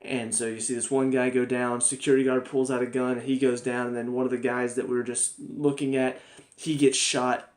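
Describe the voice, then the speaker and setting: A man's voice: mid-range voice, flat delivery, fairly quick, a little mellow. A young man giving a casual, rambling spoken review of a TV episode, full of fillers and restarts. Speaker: TV review vlogger.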